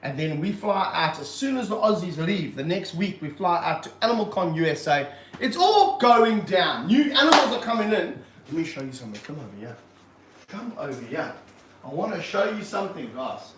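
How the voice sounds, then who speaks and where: A man running a casual livestream from his reptile room, excitable and jokey, full of slang. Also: high-pitched, a little fast, few pauses, reverberant, noisy background. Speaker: reptile park owner and streamer.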